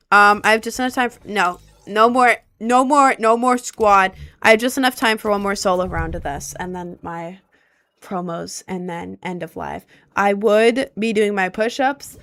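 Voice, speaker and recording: A woman streaming live gameplay who comments excitedly and keeps repeating her exclamations. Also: mid-range voice, no echo.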